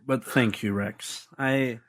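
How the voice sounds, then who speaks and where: A man co-hosting a podcast in casual chat, rambling and jumping up in pitch when surprised. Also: takes it slowly. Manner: rambling, animated pitch jumps. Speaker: podcast co-host.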